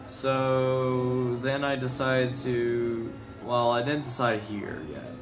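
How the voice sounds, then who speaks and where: A drowsy young man talks loosely over his racing footage, full of fillers and quick self-corrections. His voice sits at an ordinary middle pitch, with clear music playing underneath. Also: little pitch movement. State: sleepy, yawning. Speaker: gaming video commentator. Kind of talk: casual replay commentary. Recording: gameplay music behind.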